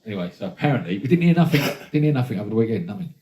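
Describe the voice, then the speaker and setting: A man's voice: fairly low pitch, very fast. A man hosting a podcast, swearing freely and laughing as he tells rowdy stories in casual chat. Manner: animated storyteller, swears freely, laughs along. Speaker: podcast host. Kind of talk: casual chat, anecdote telling. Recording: roomy echo.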